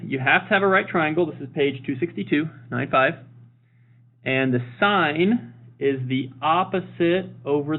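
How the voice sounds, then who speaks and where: A male math teacher talks through a recorded lesson with an upbeat, joking manner, going over each point more than once. His voice has a gravelly, fry-edged texture. The sound is thin and boxy, like a phone line. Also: medium pitch. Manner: upbeat and jokey, repeats key points.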